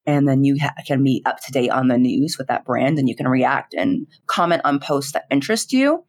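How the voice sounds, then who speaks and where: A young woman, a streamer, chatting in an interview in a giggly, animated way, full of fillers and quoted dialogue. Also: very deep voice, brisk. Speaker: streamer and content creator. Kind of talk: casual interview chat.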